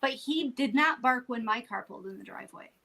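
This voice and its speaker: Woman, slightly high voice, jokey, giggly, casual live-stream chat. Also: lively intonation, fairly quick, pushed and bright. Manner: jokey, giggly, tells dog anecdotes.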